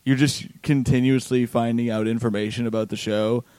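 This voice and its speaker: A man's voice: mid-range voice, fairly even intonation, fairly quick, mellow, clean tone, dry recording. A man chatting casually as a comedian and podcast host, laid-back and tired, laughing often and swearing. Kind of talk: casual chat.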